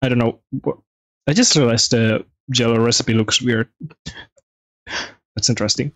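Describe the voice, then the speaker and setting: A gaming video host does chatty, excitable let's play commentary, reading on-screen text aloud and reacting fast. His voice sits at a medium pitch, and the recording is dry.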